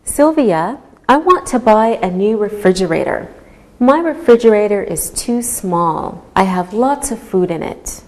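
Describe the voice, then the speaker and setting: A woman teaching an English grammar lesson, speaking clearly and deliberately to her students. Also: medium pitch, lively intonation, a little mellow. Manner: slow, clearly enunciated teaching voice. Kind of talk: slow classroom instruction.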